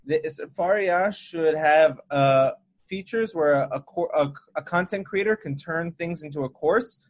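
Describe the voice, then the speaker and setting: A man in a casual podcast chat, pitching ideas with enthusiasm. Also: measured pace.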